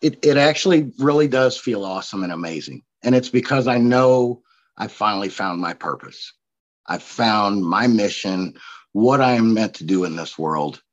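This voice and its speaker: Forties male podcast guest from Missouri, easygoing storyteller, lower register, muffled lo-fi recording. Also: lively intonation, moderate pace. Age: 40s. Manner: chatty storyteller, laughs often. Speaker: guest, coach and speaker. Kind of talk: casual podcast interview.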